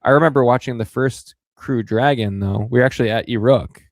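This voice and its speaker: A man hosting a podcast, chatting in a relaxed and easy way. His voice sits at a mid pitch and is recorded dry and close. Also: fairly quick, no echo. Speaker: podcast host. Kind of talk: casual podcast chat.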